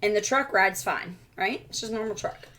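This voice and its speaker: A woman's voice: medium pitch, brisk. Laughing woman telling a story. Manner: animated, laughing, acts out quoted voices. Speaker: co-host of homestead Q and A. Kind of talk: casual storytelling chat.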